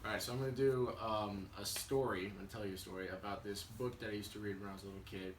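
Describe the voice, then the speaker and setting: A young man casually telling a children's story for a class, relaxed and chatty, with fillers and restarts. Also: on the low side, fast talker. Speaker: student. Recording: echoey room, mic at a distance, faint hiss.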